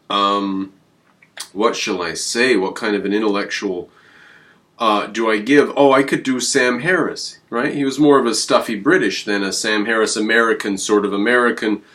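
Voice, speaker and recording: Guy with a lowish voice doing a rambly casual commentary, jumps up in pitch when he makes a point. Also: steady tone, a little slow, pushed and bright. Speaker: channel host.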